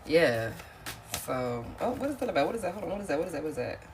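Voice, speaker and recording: A woman's voice: low voice, sing-song, fast talker, slight background noise. A woman doing a casual live-stream tarot reading, chatty and repetitive, often calling her viewers y'all. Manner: casual, chatty, repeats herself, says y'all, laughs often. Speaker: tarot reader.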